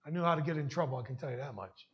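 A man's voice: fairly high pitch, very fast, highs cut off. A man preaching a heartfelt sermon and sharing his testimony, emotional at times. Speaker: pastor.

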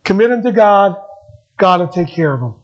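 A middle-aged man preaching a sermon as pastor, earnest and repetitive, moving between emphatic lines and soft ones. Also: high voice, expressive, normal speed, dull audio.

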